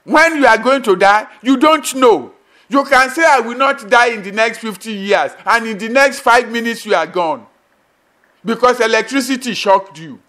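A man's voice: extremely high pitch, a bit bright. A man preaching a sermon as pastor, emphatic and repetitive, with sudden bursts and drops.

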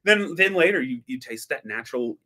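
Man, mid-pitch, loose late-night stream host, rambling and self-correcting, jokey asides. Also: expressive, brisk, pushed and bright. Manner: jokey, breaks into mock dialogue. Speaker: coffee educator hosting a stream. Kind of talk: late-night livestream chat.

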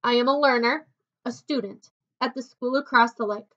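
A woman's voice: on the high side, normal speed, a bit bright, close to an everyday voice. Woman voicing a young schoolgirl, earnest, nervous, resolute, lo-fi sound. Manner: earnest, careful.

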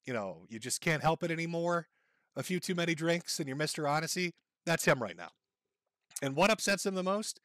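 A man's voice: fairly high pitch, expressive, a little fast, fairly bright tone, dry recording. A man hosting a stream, mocking and ridiculing the person in the clips he plays. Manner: sneering, ridiculing, laughs at clips.

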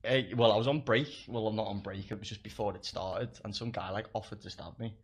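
A man's voice: on the low side, steady tone, fast talker, breathy edge. A young man, telling stories in casual chat, swearing a lot and laughing through them. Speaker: guest comedian.

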